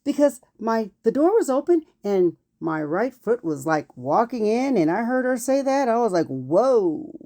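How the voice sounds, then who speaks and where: A woman in her fifties telling a personal childhood story in an animated way, acting out what people said. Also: a little high, moderate pace, few pauses. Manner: animated, acts out quotes.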